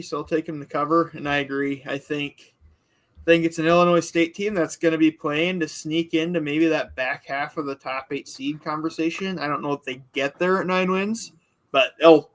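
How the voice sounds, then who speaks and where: A man's voice: a little high, steady tone, moderate pace, a bit bright. A man co-hosting a sports podcast, breaking down picks in an analytical way from a prediction model. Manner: analytical, cites a betting model. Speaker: podcast co-host.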